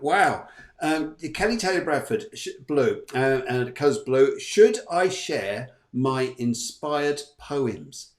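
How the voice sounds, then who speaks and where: A man's voice: on the high side, echoey room. A man hosting a live psychic reading show, chatty, upbeat and encouraging. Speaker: psychic medium host.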